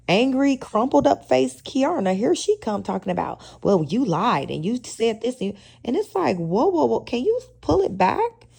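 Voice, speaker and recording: A woman speaks. She recaps a reality show in a casual, sassy, opinionated way, full of slang. Her voice has a gravelly fry and a dark, mellow tone. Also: medium pitch. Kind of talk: casual chatty episode review.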